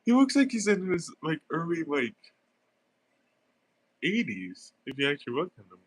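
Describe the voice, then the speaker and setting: A man's voice: on the high side, sing-song, normal speed. A young man with a stuffy nose, rambling through casual gameplay commentary with lots of fillers and giggles. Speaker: gaming streamer.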